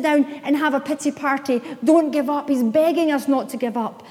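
A woman's voice: high-pitched, normal speed, a little mellow. A woman pastor preaching a sermon in church, building to emphatic, impassioned declarations. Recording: long hall reverb.

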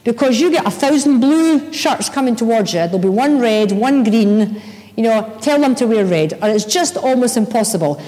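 Animated woman preaching in a hall. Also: fairly high pitch, moderate pace. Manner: animated storytelling, acts out her own shouts. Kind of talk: sermon with personal stories.

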